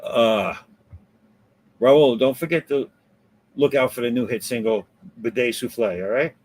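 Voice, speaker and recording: A man's voice: medium pitch, steady tone, measured pace, darkish tone. A man hosting a casual live stream, joking around after a few drinks. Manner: joking, loose banter. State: tipsy. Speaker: host.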